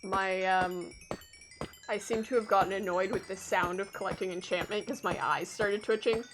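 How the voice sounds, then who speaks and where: A woman's voice: medium pitch, fairly even intonation, moderate pace, music in the background. Rambling Canadian woman streamer. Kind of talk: casual chat with viewers during a game stream.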